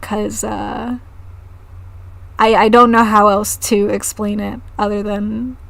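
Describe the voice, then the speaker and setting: A woman's voice: mid-range voice, little pitch movement, takes it slowly, vocal fry, fairly bright tone. A woman streamer chatting casually on a live stream, giggling often and swearing freely.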